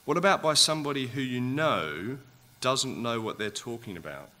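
A man's voice: medium pitch, lively intonation, moderate pace, bright, forceful tone. A man preaching a sermon, asking his listeners rhetorical questions and growing impassioned.

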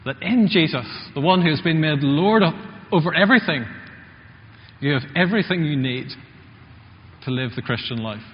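Male preacher, chatty sermon delivery, mid-pitched voice, muffled recording in an echoing church hall. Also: expressive, normal speed, long pauses. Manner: conversational, asks the congregation questions.

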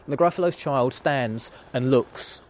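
A man's voice: medium pitch, unhurried. A man in his thirties preaching a sermon, retelling a children's story in an earnest storytelling manner.

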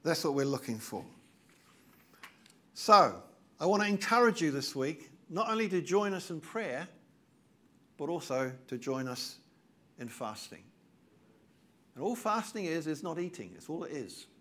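A man's voice: a little high, very animated, a little slow, long pauses, sharp tone. An older man preaching a sermon as pastor, earnest and emphatic, repeating key phrases.

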